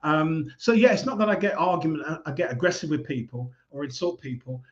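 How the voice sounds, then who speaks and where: A man giving calm, measured advice in a casual talk. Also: on the high side, highs cut off. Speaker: speaker giving life advice.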